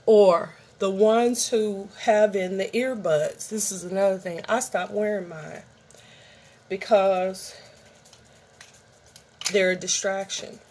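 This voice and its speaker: A woman's voice: medium pitch, steady tone, takes it slowly, long pauses, darkish tone, slight background noise. A middle-aged woman vlogger in a rambling, chatty show-and-tell, talking straight to her viewers. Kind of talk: casual show-and-tell vlog.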